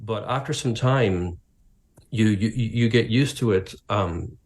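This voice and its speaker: Speaking slowly in a fairly low voice, this middle-aged man from Canada, a pastor and writer, shares vivid stories as an interview guest. He performs the voices of whoever he's quoting.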